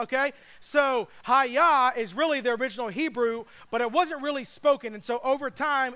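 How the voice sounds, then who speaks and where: A man's voice: sits high, sharp tone, smooth. A middle-aged male pastor preaching a sermon in a conversational, emphatic way, acting out short quotes.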